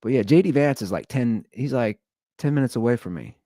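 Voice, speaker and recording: A man in his thirties hosting a casual solo podcast from home, talking in a rambling way that swings from loud bursts to low asides. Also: expressive, brisk, no room sound, clean studio sound. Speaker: podcast host.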